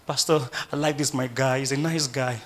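A preacher quoting a young woman who earnestly confides in her pastor about her boyfriend, in a softer, lower voice. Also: steady tone, moderate pace, natural voice.

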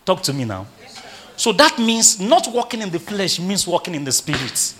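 A male preacher with a high, animated voice delivers a sermon at a moderate pace. He keeps throwing rhetorical questions at the congregation.

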